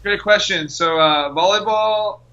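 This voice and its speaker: A man's voice: sits high, a little slow, pushed and bright, lo-fi sound. A man from Rochester, New York, a company co-founder being interviewed, telling stories in an upbeat way. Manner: upbeat storyteller. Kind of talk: casual interview.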